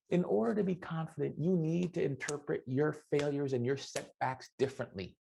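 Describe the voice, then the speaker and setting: A middle-aged man giving an animated motivational keynote, telling stories and acting out the dialogue. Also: medium pitch, normal speed, creaky, hardly any pauses, a little hiss or hum. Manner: animated, acts out dialogue with voices. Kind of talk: motivational storytelling speech.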